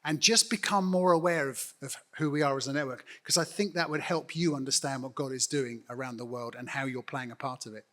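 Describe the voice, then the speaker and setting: A man's voice: mid-range voice, brisk, few pauses, a bit bright. A middle-aged man, a church network leader speaking earnestly and directly to a congregation in an on-stage interview. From United Kingdom. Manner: earnest, direct, appealing to the audience.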